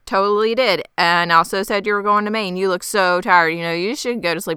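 Female podcast co-host, bright crisp voice, dry close sound, lively storyteller. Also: fairly low pitch, a little fast, few pauses, no echo. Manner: animated storytelling, mimics characters. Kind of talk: casual recap chat.

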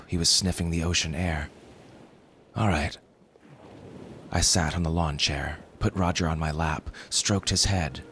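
A man calmly narrating a first-person story. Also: sits low, slight background noise.

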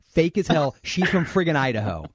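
A man's voice: on the high side, sing-song, normal speed, dry recording, clean studio sound. A man hosting a podcast in casual chat, joking and rambling with frequent laughs. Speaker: podcast host.

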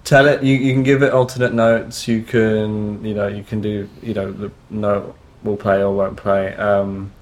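A man talking in a casual interview, halting, with many restarts and fillers. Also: on the low side, little pitch movement, slight background noise. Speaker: guest musician.

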